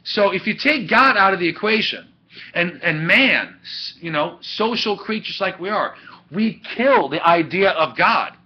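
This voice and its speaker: Husky guy lecturing a class, bounces around a lot in pitch, muffled webcam sound. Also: a little slow. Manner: chatty, animated with asides and laughs. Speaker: teacher. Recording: dull lo-fi webcam audio.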